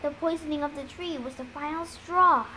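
A woman reading aloud, voicing a smug young male villain in a low, quiet, sly tone. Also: normal speed, slight background noise, low-quality recording.

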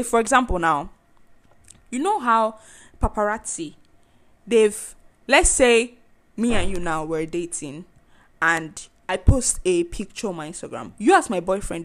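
A woman hosting a podcast, chatting casually in a loud, animated way. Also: medium pitch. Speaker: podcast host.

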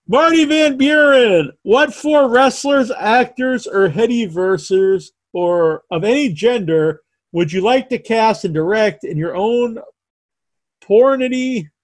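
A man's voice: fairly high pitch, dry recording. A man hosting a podcast live stream in a casual, joking, teasing and rambling way. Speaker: podcast host.

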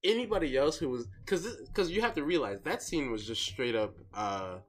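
Animated man gushing about a movie. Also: medium pitch, brisk. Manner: animated, laughing, acts out quotes. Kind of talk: casual movie review chat.

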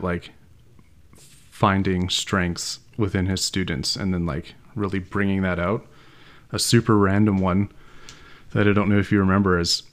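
Low-voiced man telling a funny story. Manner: laughing, animated anecdote telling. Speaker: podcast co-host. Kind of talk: casual storytelling chat.

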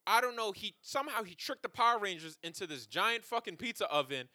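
A man co-hosting a podcast, telling stories in casual comedic chat, animated and profane, laughing often. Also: sits high, a little fast, no room sound, studio quality. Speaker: podcast co-host.

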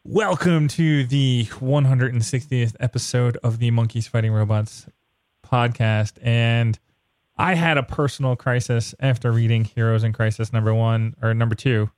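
Brief: male podcast host, excitable and exasperated, dry close mic. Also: mid-range voice, moderate pace, no echo. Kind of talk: casual comic book chat.

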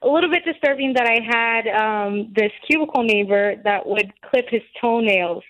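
A female caller to a radio show, telling her story in a measured, slightly hesitant way. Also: on the high side, fairly bright tone, rough recording. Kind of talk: call-in chat.

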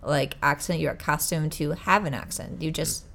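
A woman's voice: deep voice, fairly even intonation, moderate pace, vocal fry, a bit bright. A young woman from Italy, English not her first language, chatting casually and often stopping to search for words. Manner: searching for words, many restarts. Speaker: podcast guest. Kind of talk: casual chat.

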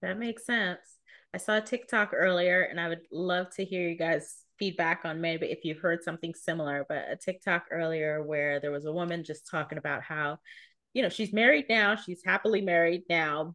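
A woman hosting a podcast, her voice set a little low. She talks in a relaxed, thoughtful, easygoing way. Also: no room sound, studio quality. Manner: relaxed, reflective, conversational. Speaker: podcast host. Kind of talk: casual conversation.

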